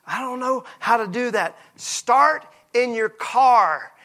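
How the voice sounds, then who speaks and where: High bright-voiced preaching man. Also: slow. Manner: passionate preaching, swings from soft to shouting. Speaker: pastor. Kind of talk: sermon.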